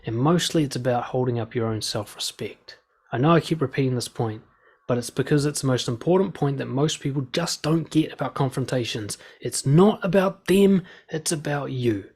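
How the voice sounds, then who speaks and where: A man with a gravelly, slightly husky voice gives blunt, direct advice and swears freely. He talks straight to the listener and acts out quoted lines as he goes. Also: mid-range voice, normal speed, a little mellow. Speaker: dating and confidence coach.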